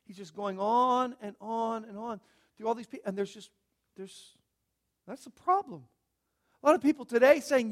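A preacher with a high voice for a man delivers a sermon in an emphatic way. He drops to near-hushed statements, then builds back up with repeated phrases and loud emphasis. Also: normal speed, long pauses. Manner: emphatic, swings from hushed to loud with rhetorical repetition.

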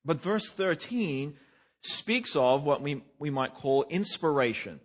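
A man preaching an expository sermon, reading scripture aloud and explaining it verse by verse, swinging between emphatic rises and soft drops. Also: fairly high pitch, lively intonation, takes it slowly.

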